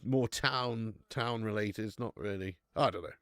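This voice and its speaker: A man's voice: fairly low pitch, moderate pace, fairly bright tone, clean tone, no echo. A man with a Dorset accent hosting a live football watch-along, chatting casually with viewers, calling them lad and mate, swearing freely and laughing often. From Dorset, England. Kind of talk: casual live commentary and chat reading.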